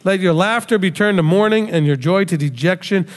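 A man delivering a lively sermon as a rabbi, laughing now and then and acting out voices as he speaks. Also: sits high, brisk, in a large hall. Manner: animated preaching, laughs often, acts out voices.

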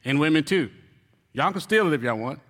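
High, bright-voiced man preaching in a hall. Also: fairly quick. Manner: animated, joking and teasing the congregation. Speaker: church elder. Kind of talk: humorous sermon on marriage. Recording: reverberant hall.

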